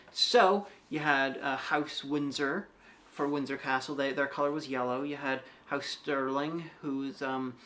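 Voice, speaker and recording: A man co-hosting a podcast in casual chat. He explains things in a measured way and asks thoughtful questions. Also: mid-range voice, a bit bright. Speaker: podcast co-host.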